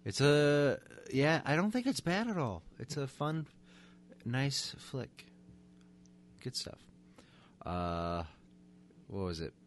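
A man co-hosting a casual film podcast, laid-back and halting, with many fillers. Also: mid-range voice, big pitch swings, a little hiss or hum. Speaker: podcast co-host.

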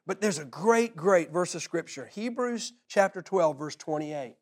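A man's voice: on the high side, lively intonation, unhurried. A middle-aged man preaching a sermon as pastor, telling a story with lots of laughter and repeated words.

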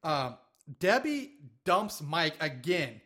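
A man's voice: fairly high pitch, sing-song, takes it slowly, a bit bright. A man hosting a podcast, rambling and swearing as he jokingly recaps a movie plot. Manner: rambling, profane, jokey storytelling. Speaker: podcast host. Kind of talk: casual movie recap chat.

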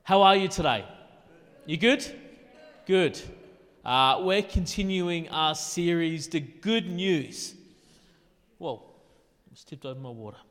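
A man preaching a sermon in a casual, conversational way, with quick asides. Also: a little high, animated, fairly bright tone, in a large hall, soft background music. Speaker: pastor.

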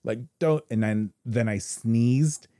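A man co-hosting a podcast, telling a personal story in casual chat, halting and restarting his sentences. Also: mid-range voice, warm tone, dry recording, clean studio sound. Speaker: podcast co-host. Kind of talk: casual conversation.

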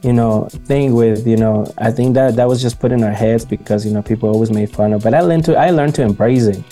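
A man's voice: medium pitch, brisk, warm tone, faint music behind. A man from Bolivia, a native Spanish speaker with a Bolivian Spanish accent, chatting casually and animatedly on a podcast, full of slang and acted-out quotes. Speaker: podcast co-host and event host. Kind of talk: casual chat.

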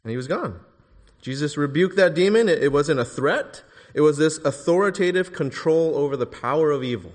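A male preacher delivering a sermon with emphatic, rising delivery that pushes hard on key phrases. His voice sits somewhat high for a man, and it rings out with a long reverb, as in a church sanctuary. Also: expressive, a little fast.

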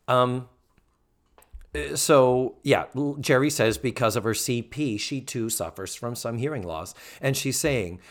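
A man co-hosting a podcast, recapping a TV episode in casual chat and sounding exasperated. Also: mid-range voice. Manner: animated, exasperated critique with frequent "yeah". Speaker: podcast co-host.

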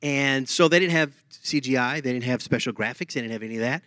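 A man preaching a lively sermon, humming tunes and laughing as he talks. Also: medium pitch, quick pace, no room sound, studio quality.

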